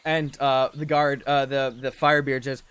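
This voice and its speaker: A man's voice: medium pitch, flat delivery, moderate pace, a bit bright, clean tone. Rambling man running a tabletop game. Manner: loose, rambling narration with many fillers. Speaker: dungeon master.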